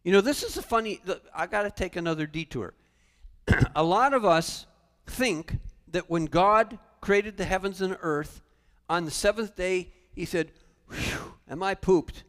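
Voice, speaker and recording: A male pastor preaching a sermon in a church sanctuary, animated, with humorous asides. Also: sits high, a little slow. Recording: long church reverb.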